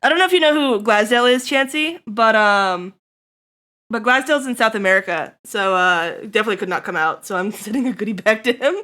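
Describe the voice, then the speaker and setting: A woman's voice: a little high, a little fast, bright, forceful tone. A young woman streamer chatting casually with her viewers, giggly and playful, swearing and putting on mock-angry rants.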